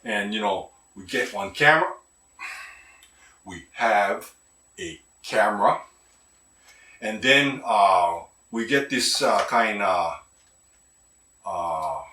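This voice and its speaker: A man voicing a loud, joking, middle-aged local cousin who speaks Hawaiian Pidgin, rambles and mangles big words. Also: lowish voice, exaggerated voice. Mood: playful. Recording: roomy sound, mic at a distance.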